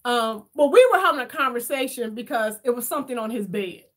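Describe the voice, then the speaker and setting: A woman chatting casually with her viewers while doing her makeup, telling stories in an animated way and reading their comments aloud. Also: fairly high pitch, a little fast. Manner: chatty, animated storyteller, addresses viewers as y'all. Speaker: beauty vlogger reading live chat.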